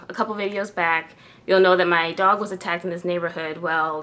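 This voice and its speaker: Woman, vlogger, casual chat, bright tone, lowish pitch, many fillers. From New York. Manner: chatty, lots of "like" and "um". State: tearful with joy. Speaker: beauty vlogger.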